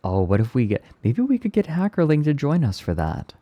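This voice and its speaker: A man streaming and chatting casually with his viewers, speaking gently and with enthusiasm. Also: on the high side, wildly swooping pitch, brisk, no echo. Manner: gentle, soft-spoken. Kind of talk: casual live-stream chat, answering chat.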